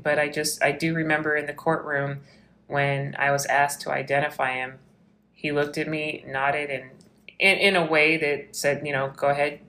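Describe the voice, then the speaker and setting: A woman's voice: low-pitched, a bit bright. A woman police officer telling a story from her work in an interview, acting out the quoted lines.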